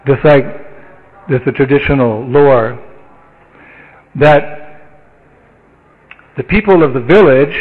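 A man's voice: mid-range voice, animated, takes it slowly, long pauses, husky. A man giving a sermon in a conversational storytelling way, with the odd chuckle. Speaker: spiritual teacher. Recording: tinny phone-like line.

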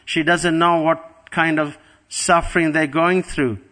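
A middle-aged man gives a devotional class in a fairly high, forceful voice. He tells a story earnestly and doubles words for emphasis. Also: flat delivery, unhurried. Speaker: spiritual teacher.

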